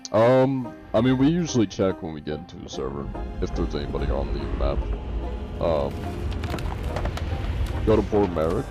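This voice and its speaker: A man's voice: sits low, vocal fry, low-quality recording. A man streaming a game, chatting casually and swearing now and then. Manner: laid-back, swears casually. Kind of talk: casual gameplay chat.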